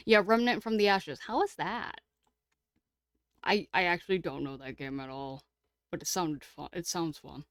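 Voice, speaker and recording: A woman streamer reading a game aloud and chatting with her viewers, excitable and casually swearing. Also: medium pitch, no echo, studio quality.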